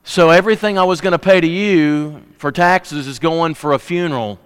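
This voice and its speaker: A man's voice: a little high, moderate pace, smooth, in a large hall, voice pushed up, close to an everyday voice. Man doing a grieving, dignified widow. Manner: firm, grieving.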